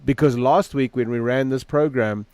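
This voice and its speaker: A man's voice: medium pitch, normal speed. A middle-aged man, a dog trainer co-hosting a casual podcast, telling stories animatedly and acting out the people in them. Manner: animated storyteller, acts out quoted people.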